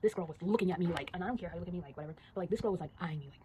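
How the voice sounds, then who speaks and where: A teenage girl chatting casually and rapidly, telling a story while drawing and acting out the voices of the people in it. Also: on the low side, background noise. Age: teens. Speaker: storyteller vlogger.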